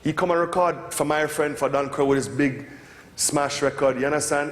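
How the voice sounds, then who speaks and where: A middle-aged Jamaican man, a record producer giving a casual lecture, who tells lively stories, swears freely and slips into patois impressions. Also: on the high side, brisk. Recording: echoey hall with long reverb.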